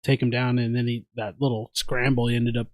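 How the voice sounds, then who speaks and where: A man co-hosting a fight watch party podcast, an animated storyteller who acts out the quotes in casual chat. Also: mid-range voice, a little fast, no echo. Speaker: podcast co-host.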